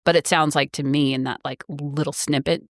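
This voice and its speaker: Gravelly-voiced woman, blunt and wry. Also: deep voice, fairly even intonation, fairly quick, no room sound, clean studio sound. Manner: wry, blunt remarks and frank opinions. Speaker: podcast co-host. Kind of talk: casual book-club chat.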